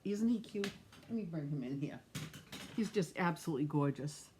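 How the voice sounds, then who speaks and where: A woman's voice: deep voice, lively intonation, normal speed, noisy background. Middle-aged new lady doing a craft livestream, chatty, talks to her viewers by name. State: has the hiccups. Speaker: craft instructor hosting a live stream. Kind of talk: live-streamed craft demonstration.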